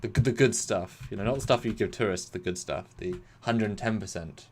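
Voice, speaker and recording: A British man co-hosting a casual episode review, animated, acting out quotes and swinging between loud and soft. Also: fairly low pitch, fairly quick, slight background noise. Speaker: podcast co-host.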